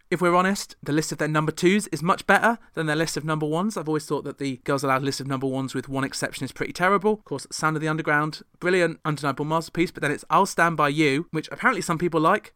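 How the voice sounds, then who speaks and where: Wry man, higher voice, dry sound. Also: bright, forceful tone, smooth, no room sound. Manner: wry, sarcastic asides. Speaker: host. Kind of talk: chatty pop chart commentary.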